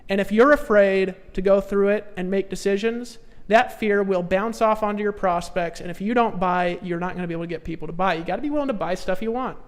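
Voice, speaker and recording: A man speaking as a sales trainer in a motivational seminar, pushing his audience with repeated short commands, swinging between hushed storytelling and loud exhortation. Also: high-pitched, fairly quick, hardly any pauses, in a large hall.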